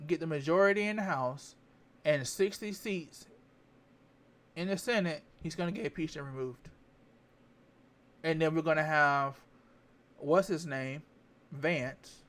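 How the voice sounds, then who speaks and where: A man's voice: a little high, a bit bright. A man giving candid political commentary to camera, rambling, repeating phrases and stopping to check his facts. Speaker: vlogger.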